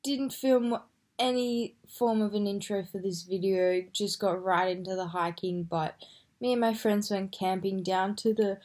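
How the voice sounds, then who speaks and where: A young woman addresses her viewers directly in a chatty, rambling vlog intro, correcting herself as she goes. Her voice is mid-pitched and plain. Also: fairly even intonation, measured pace, darkish tone. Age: young adult. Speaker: vlogger. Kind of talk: direct-to-camera vlog talk.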